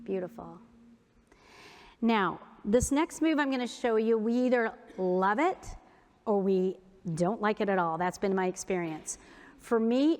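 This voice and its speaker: Upbeat woman in a reverberant hall. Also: mid-range voice. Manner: upbeat, playful and self-mocking, with slow soft cues. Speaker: keynote speaker leading breathing exercises. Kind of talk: guided breathing and movement talk to an audience. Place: large conference hall.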